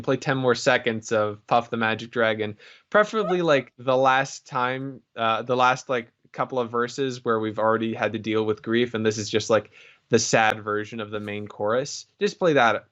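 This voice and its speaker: A man's voice: mid-range voice, a bit bright, muffled recording. A man co-hosting a podcast in casual chat, rambling and joking with plenty of fillers. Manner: rambling, jokey, lots of fillers. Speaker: podcast co-host.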